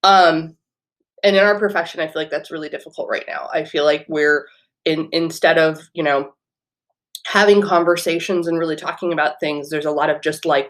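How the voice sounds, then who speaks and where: Woman in her 30s on a home podcast, earnest and rambly, lots of ums, kinda low voice. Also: brisk. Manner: earnest, rambling, many fillers and restarts. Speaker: podcast host, teacher. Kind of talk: casual solo podcast talk. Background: washing machine running.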